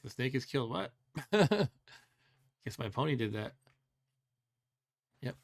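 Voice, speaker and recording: A man's voice: medium pitch, very animated, slow pace, long pauses. A man hosting a let's play, thinking aloud as he plays, musing and second-guessing himself with wry complaints and frequent chuckles. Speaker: host.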